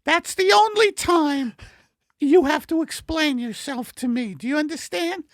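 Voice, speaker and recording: A man voicing Margaret, a fussy, scolding middle-aged wife, in a high falsetto in an improvised comedy sketch. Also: a little slow, no echo. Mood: bickering. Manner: shrill, scolding falsetto, bursts into shouting. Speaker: comedy podcast co-host.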